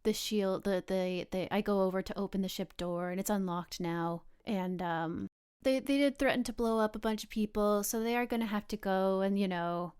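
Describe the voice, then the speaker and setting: A woman's voice: mid-range voice, moderate pace, clear, resonant tone. A woman narrating her superhero's actions as a player in a tabletop game, rambling and restarting. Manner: rambling, with restarts and soft asides.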